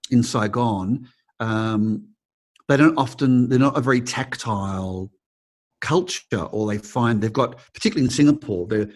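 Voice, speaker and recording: A middle-aged Australian man with an Australian accent, an acting teacher answering interview questions, telling stories expressively with frequent restarts. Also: mid-range voice. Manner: expressive, acts out quoted people, frequent restarts.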